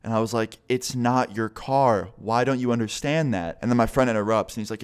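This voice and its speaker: A young man casually telling a story to camera, animated and swearing often, acting out what people said. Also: on the low side, quick pace, hardly any pauses, clean tone. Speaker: vlogger.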